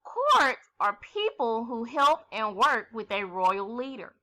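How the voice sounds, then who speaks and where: A woman teaching a first grade lesson, reading a story aloud and asking the children questions in a clear, expressive way. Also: fairly high pitch, slow.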